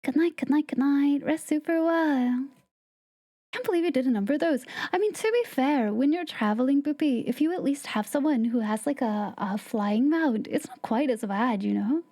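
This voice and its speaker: A woman streaming a game live, chatting playfully with viewers and slipping into soft whispered asides. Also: high-pitched, lively intonation, fairly quick, few pauses. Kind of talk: casual live-stream chat. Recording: game music playing behind the voice.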